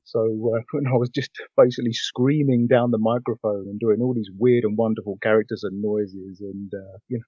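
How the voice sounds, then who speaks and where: Husky English man chatting on a podcast. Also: lowish voice, fairly even intonation, moderate pace, no room sound, highs cut off. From England. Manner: chatty, laughs often, many fillers and restarts. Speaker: voiceover actor guest. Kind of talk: casual podcast chat.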